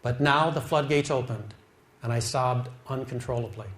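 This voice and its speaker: Middle-aged man, earnest testimony speaker, slow and heartfelt, average pitch. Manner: slow, heartfelt storytelling, drops quiet at sad moments. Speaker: speaker telling his life story. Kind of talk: emotional testimony.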